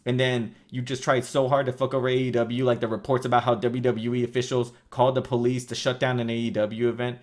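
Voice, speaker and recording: Man, vlogger, angry rant, heavy swearing, sarcastic mock quotes, middle pitch. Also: level tone, fast talker, hardly any pauses. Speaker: wrestling vlogger.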